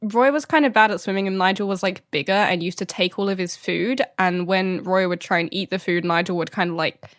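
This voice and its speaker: A woman's voice: on the low side, a little fast, few pauses, no room sound, studio quality. A young woman co-hosting a podcast, telling stories in a rambling, giggly way. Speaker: podcast co-host. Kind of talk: casual chat.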